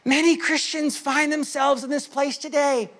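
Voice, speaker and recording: A male pastor with a notably high-pitched voice preaches in a loose, conversational way. He drops to soft, confiding asides, then climbs into loud, fervent bursts. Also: fairly even intonation, moderate pace. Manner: impassioned, swinging between hushed asides and loud outbursts; conversational, with fillers and restarts. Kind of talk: sermon.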